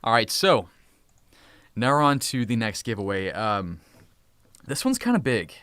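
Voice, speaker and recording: An upbeat man in his thirties hosts a casual live stream, speaking at an ordinary pitch. He talks in quick, eager bursts and keeps hushing the children around him. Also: big pitch swings, slight background noise. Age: 30s. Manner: upbeat, hurried, often hushing his kids. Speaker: host.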